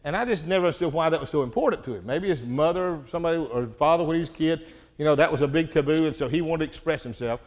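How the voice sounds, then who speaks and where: Middle-aged guy preaching, earnest and chatty, keeps saying okay, voice sits a bit high. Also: racing. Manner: earnest, conversational preaching with frequent "okay?" check-ins. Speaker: pastor. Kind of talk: sermon.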